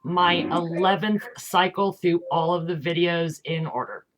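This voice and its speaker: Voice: mid-range voice, unhurried. A group member in a casual chat, reporting matter-of-factly on how often they have gone through the videos. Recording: noisy background.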